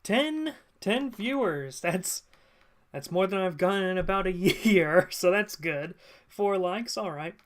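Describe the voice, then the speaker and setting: Casual streamer at a desk mic, mid-pitched and chatty, loose delivery with frequent ums and quick laughs. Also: expressive. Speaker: live streamer. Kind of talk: casual live-stream chat. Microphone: desk mic at a computer.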